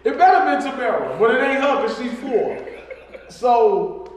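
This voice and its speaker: A high-voiced man tells family stories in a loose, profane chat and acts out the other people's lines as he talks. He sits far from the mic in a very echoey room with a long reverb tail. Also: normal speed. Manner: profane, animated storyteller acting out quotes. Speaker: podcast co-host. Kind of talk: casual storytelling chat.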